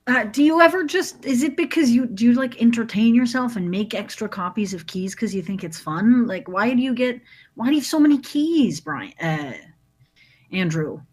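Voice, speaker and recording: An improv performer playing a fussy mother who pries with rapid questions. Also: fairly high pitch, animated. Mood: prying. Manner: prying, rapid-fire questions. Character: prying, fussy mother questioning her son. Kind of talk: live improv comedy.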